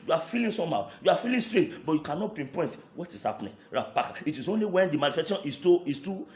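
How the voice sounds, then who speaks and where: A man's voice: fairly high pitch, darkish tone, echoey room, slight background noise. A man, a pastor leading fervent prayer and speaking in tongues between repeated prayer lines.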